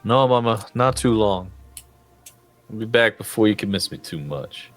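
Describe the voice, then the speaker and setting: A man's voice: on the low side, expressive, normal speed, soft background music, lightly acted. A man voicing a rude young man raised by hags, with a Southern accent, in a tabletop game. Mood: curt.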